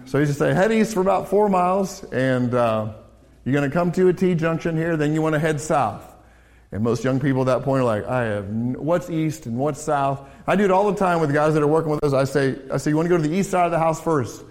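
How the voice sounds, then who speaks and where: A middle-aged American man preaching a sermon as pastor and counselor, animated, swinging between raised emphasis and low, quiet asides. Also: quick pace. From United States. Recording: long hall reverb.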